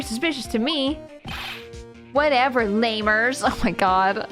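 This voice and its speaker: Giggly woman streamer, higher voice. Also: slow pace, faint music behind. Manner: giggly, reads game dialogue aloud, loud excited outbursts. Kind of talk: live game stream commentary.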